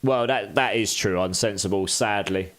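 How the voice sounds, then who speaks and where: A man's voice: on the low side, moderate pace, fairly bright tone. A man chatting casually on a live game stream, thanking viewers and speaking candidly.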